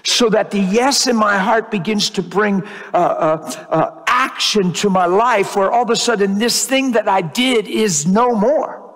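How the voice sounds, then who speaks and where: A man's voice: high-pitched, measured pace, hardly any pauses, a bit bright. A man preaching a sermon, earnest and often restarting his words, building to fervent emphasis. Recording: long hall reverb.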